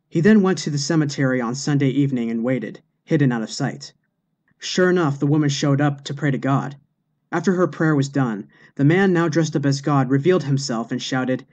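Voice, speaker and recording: A man reading jokes aloud in a steady, deadpan narration. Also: medium pitch. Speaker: joke narrator.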